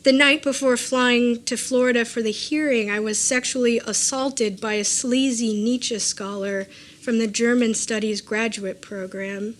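Woman author, somewhat high voice, reading her own memoir live: measured and deliberate, with dry asides. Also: steady tone. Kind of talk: live reading of a personal essay.

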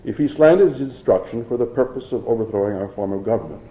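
A man's voice: mid-range voice, animated, fast talker, warm tone, roomy sound, lightly acted, rough recording. A man playing an earnest, principled professor. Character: calm, principled male professor.

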